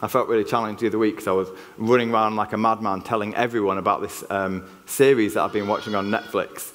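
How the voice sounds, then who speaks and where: Yorkshire man, preacher, somewhat low voice, earnest conversational sermon, reverberant hall. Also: steady tone, fast talker, fairly bright tone. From Yorkshire, England. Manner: earnest, conversational, frequent restarts. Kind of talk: church sermon. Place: church hall. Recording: long reverb of a church hall.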